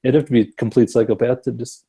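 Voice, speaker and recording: A man's voice: mid-range voice, fairly even intonation, fast talker, warm tone, breathy edge. A man co-hosting a podcast, talking in a laid-back, thoughtful way with fillers and easy laughs. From Wisconsin. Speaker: podcast co-host. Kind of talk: casual chat.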